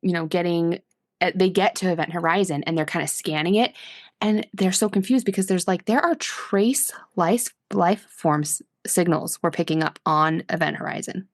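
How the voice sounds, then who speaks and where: A woman's voice: on the low side, normal speed, dry recording, studio quality. A woman co-hosting a podcast, chatting casually and rambling with easy laughs. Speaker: podcast co-host. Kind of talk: casual chat.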